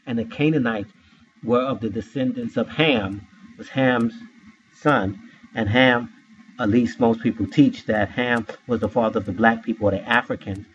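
A man's voice: medium pitch, moderate pace, lo-fi sound, a little hiss or hum. A man teaching from scripture who poses rhetorical questions to his listeners and spells words out letter by letter. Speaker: Bible teacher.

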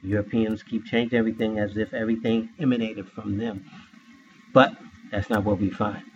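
A man's voice: on the low side, little pitch movement, a little fast, dull audio, a little hiss or hum. Man teaching scripture, rhetorical questions. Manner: asks rhetorical questions, spells out words. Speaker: Bible teacher.

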